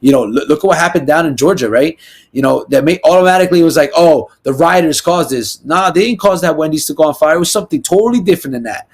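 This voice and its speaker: Podcast guest: young New man, slightly raised pitch, rambling and animated, peppers talk with asides. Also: vocal fry. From New Jersey, US. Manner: animated, talks in quick bursts with many "you know" and "right?" asides. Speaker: podcast guest, real estate agent. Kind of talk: casual interview storytelling.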